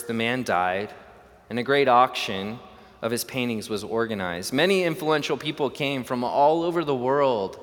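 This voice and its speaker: A man's voice: medium pitch, a bit bright. Man telling a sermon story, long reverb. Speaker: preacher.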